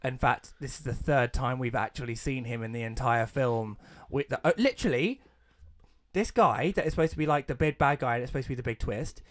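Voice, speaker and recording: A man's voice: mid-range voice, fairly quick. Ranting young English man. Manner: ranting, swears, acts out quoted lines. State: coughing, something stuck in throat. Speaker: podcast co-host. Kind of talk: casual podcast chat.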